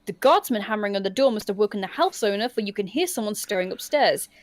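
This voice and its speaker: A woman hosting a livestream, reading a choose-your-own-adventure book aloud in an animated way and often laughing. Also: medium pitch, fast. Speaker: storyteller and host.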